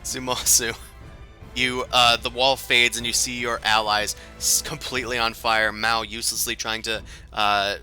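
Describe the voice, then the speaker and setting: A man narrating a tabletop role-playing game as game master, describing scenes in detail with frequent filler pauses. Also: mid-range voice, little pitch movement, bright, forceful tone, soft background music.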